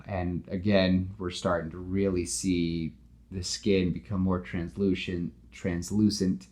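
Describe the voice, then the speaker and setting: A man with a somewhat low voice tells a movie pitch in a casual, animated way. He leans on "like" as a filler and slips into acting out the characters' lines as he goes. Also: slow pace. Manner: animated storyteller, full of "like" fillers, acts out dialogue. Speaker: podcast host pitching a movie. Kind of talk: casual retelling of a film pitch.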